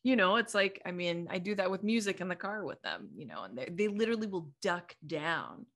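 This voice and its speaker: A woman's voice: on the low side, animated, fairly quick, a bit bright. A middle-aged woman hosting a podcast in casual chat, rambling along in a stream of thought and laughing often. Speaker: podcast host.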